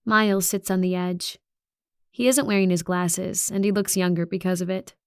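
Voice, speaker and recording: A woman reading a first-person audiobook in a soft, intimate way, with quiet passages. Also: on the low side, steady tone, normal speed, clear, resonant tone, no echo, studio quality. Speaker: audiobook narrator.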